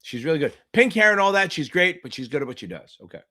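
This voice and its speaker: A man tutoring for a finance exam, hosting a livestream Q&A, loud and profane, hyping viewers up and answering chat questions. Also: fairly high pitch, sing-song, quick pace. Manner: loud, profane, hyped-up coaching.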